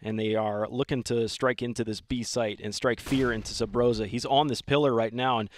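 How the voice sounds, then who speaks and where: A man with a Southern US accent doing excitable live esports commentary. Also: medium pitch, brisk, a little hiss or hum. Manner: excitable, talks over the action.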